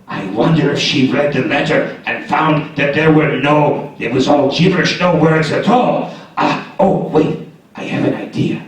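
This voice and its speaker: A man's voice: fairly high pitch, unhurried, close to an everyday voice. A man playing a sly, cowardly trickster man in a live shadow puppet show, talking in a pleading, scheming way. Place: large echoey library hall, live show. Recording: echoey hall, picked up from far off.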